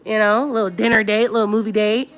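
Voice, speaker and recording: A woman's voice: mid-range voice, flat delivery, fast talker, fairly bright tone. A woman hosting a casual livestream chat, talking candidly and directly to her viewers. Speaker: livestream host.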